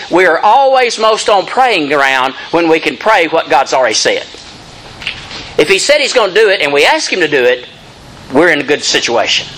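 A man's voice: on the high side, pushed and bright, rough recording. A man preaching an expository sermon, reading scripture dramatically and addressing the congregation directly. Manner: emphatic rising lines, addresses congregation directly.

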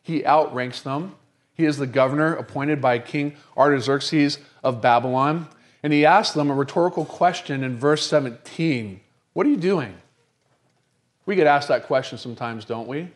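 Middle-aged male pastor giving a sermon; emphatic, rhetorical delivery with slowed key lines. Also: on the high side.

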